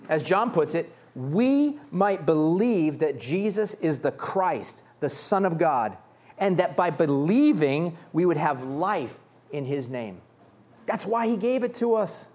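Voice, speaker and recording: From the pulpit, a pastor preaches a sermon with lively delivery and wide swings in pitch. He shifts between reading scripture and acting out the beggar's loud, pleading cries.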